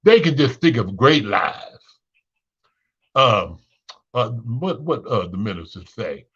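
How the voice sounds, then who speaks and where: Bright, sassy man ranting, lo-fi. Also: sing-song, slow, husky. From Chicago. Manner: blunt, sassy, swings pitch up when exasperated. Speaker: talk show host. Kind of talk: unscripted monologue rant.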